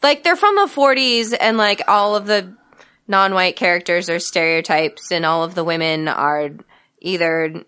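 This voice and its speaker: Bright, clear-voiced woman, hesitant. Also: on the low side, a little slow. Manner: hesitant, with frequent ums. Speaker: podcast co-host. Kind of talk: casual chat.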